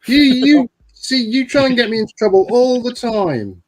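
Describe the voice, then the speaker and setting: A man's voice: extremely high pitch, expressive, moderate pace. A man on a live panel chatting casually, playful and clowning around. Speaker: panel guest. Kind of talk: casual chat.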